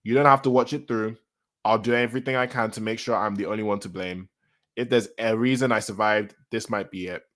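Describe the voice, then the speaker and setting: A man's voice: lowish voice, fairly quick. A man reading a comic chapter aloud and reacting to it in casual chat, often repeating his reactions. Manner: reads lines aloud then reacts, repeating himself excitedly. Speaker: manga reaction host.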